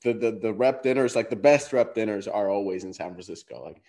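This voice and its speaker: A man's voice: fairly low pitch, a little fast, mellow. Man, podcast host, casual chat, joking, chuckles often.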